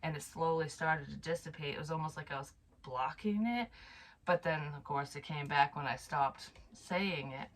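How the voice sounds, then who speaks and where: A woman's voice: sits low, moderate pace, poor audio. A woman psychic medium telling a personal story to camera in a casual, frank way, swearing freely, sighing and trailing off mid-sentence.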